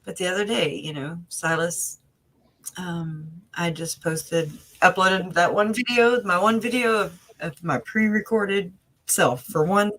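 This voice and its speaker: A woman's voice: fairly low pitch, unhurried, a bit bright, low-quality recording. Rambling woman on a video call. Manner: rambling, full of fillers and restarts; emotional, earnest. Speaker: interview guest, family member of the victims. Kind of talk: casual conversational interview.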